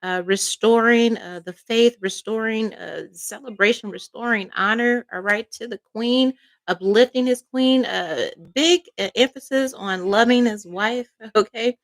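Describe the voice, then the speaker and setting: A woman with a slightly high voice lays out a tarot reading with fervent emotion. She talks emphatically and keeps pausing to check in with "all right?" and "okay?". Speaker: psychic tarot reader.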